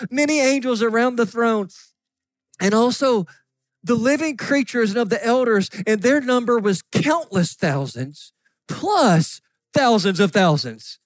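High-pitched guy preaching, fervent, reading scripture, dry close sound. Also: dry recording. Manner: fervent, rising to shouts on key points. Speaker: pastor.

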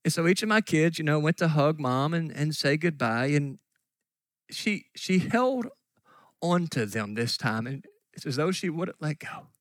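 Earnest pastor preaching, dry sound. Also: male voice, on the high side, expressive, unhurried, no echo. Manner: earnest storytelling, drops to soft near-whispers. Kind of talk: sermon.

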